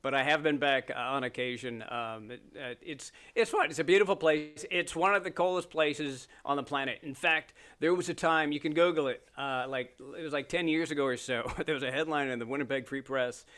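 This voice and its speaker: A man's voice: on the high side, brisk, hardly any pauses, fairly bright tone. A middle-aged man from Canada, a podcast guest chatting casually, joking and laughing often as he tells stories. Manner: joking storyteller, laughs often, mimics voices. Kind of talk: casual chat.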